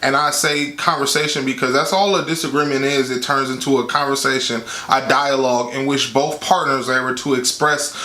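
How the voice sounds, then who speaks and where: A man gives relationship advice in a casual, candid way, talking straight to his viewers. His voice is bright and clear. The room around him sounds echoey. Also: mid-range voice, fairly quick, few pauses. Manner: candid, conversational, quotes with animated voice. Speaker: vlogger giving relationship advice.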